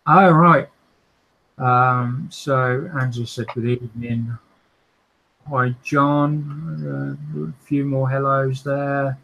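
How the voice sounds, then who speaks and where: A man hosts a relaxed livestream, taking his time as he reads out viewer comments. His talk is full of fillers and small restarts, and he often breaks into laughter. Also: mid-range voice, slow pace, vocal fry, slight background noise, low-quality recording. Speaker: host of a modelling livestream. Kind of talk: casual chat, reading out viewer comments.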